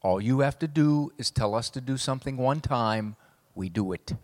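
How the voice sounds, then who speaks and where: A middle-aged man, a psychologist, giving a humorous speech to a live audience with wry, punchy, deadpan jokes. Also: mid-range voice, moderate pace. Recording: long hall reverb.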